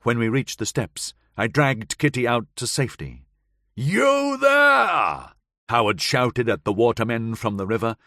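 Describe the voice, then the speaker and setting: A man's voice: medium pitch, a bit bright, no echo. Dramatic male audiobook narrator, dry and close. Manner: measured, dramatic storytelling. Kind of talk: scripted first-person audiobook narration. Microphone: close studio mic.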